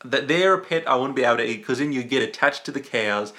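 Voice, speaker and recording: A young man rambles through a goofy live stream chat, tripping over his words and restarting. His voice has a sharp, forceful edge, and his pitch sits in the middle. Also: lively intonation, fast. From Australia. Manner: joking, rambling, stumbles and restarts.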